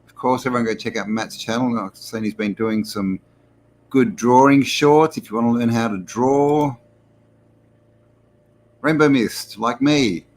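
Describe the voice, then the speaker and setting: A man's voice: mid-range voice, unhurried, pauses often, slight background noise. An Australian man hosting a casual live stream. He rambles, chuckles and greets viewers by name. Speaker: host.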